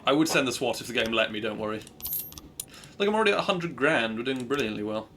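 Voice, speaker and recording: A man's voice: mid-range voice, animated, fast, sharp tone, slight background noise. A man chatting upbeat through a live speedrun, cheering his own progress and making asides to his stream viewers. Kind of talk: live gameplay commentary.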